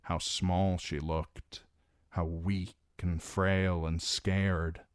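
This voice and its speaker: Male narrator for a fantasy audiobook: deep, unhurried, dramatic delivery, dry close sound. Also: level tone, clean tone, no echo. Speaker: audiobook reader.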